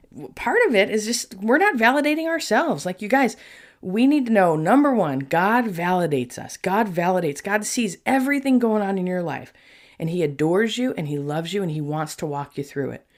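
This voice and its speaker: A middle-aged woman with a slightly low voice, hosting a faith podcast. She talks in a warm, chatty rush and keeps addressing her listeners directly. Her delivery is earnest and lively. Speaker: podcast host and Christian life coach. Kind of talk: casual faith-based podcast monologue.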